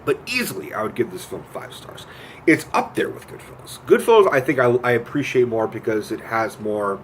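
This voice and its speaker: A man giving a casual, profane film rant. He retells scenes with lively quoted voices and gets animated as he goes. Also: mid-range voice, fairly quick, slight background noise. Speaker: movie reviewer.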